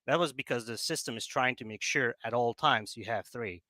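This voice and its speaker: A man's voice: medium pitch, brisk, bright, forceful tone, no echo. A man on a remote call, explaining things as a business developer in a casual chat, with many fillers and restarts. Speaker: guest, project business developer.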